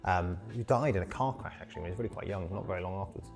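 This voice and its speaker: A man with a fairly low voice hosts a casual podcast chat. He explains things hesitantly, full of ums and restarts. Faint music sits behind him. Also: rapid-fire, gravelly. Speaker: podcast host.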